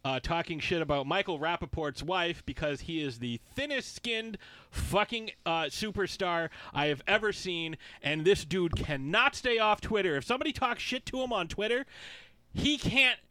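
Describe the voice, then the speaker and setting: Man, podcast co-host, casual sports rant, profane, animated delivery, higher-pitched. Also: normal speed, no echo. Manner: profane, ranting, mimics heckling fans.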